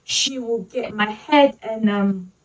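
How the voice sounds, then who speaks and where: A woman with a fairly high voice tells a painful personal story to her viewers. She is fighting back tears and speaks haltingly, leaning on "like" and "you know." Her voice sits a little distant from the mic. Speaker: vlogger.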